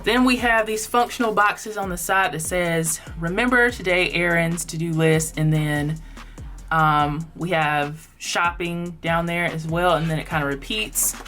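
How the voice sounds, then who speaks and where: A woman with a somewhat low voice talks through a sticker book page by page in a chatty, upbeat way, full of ums and likes. Soft background music plays faintly under her voice. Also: steady tone, a little slow. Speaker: planner sticker vlogger. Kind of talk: casual flip-through narration.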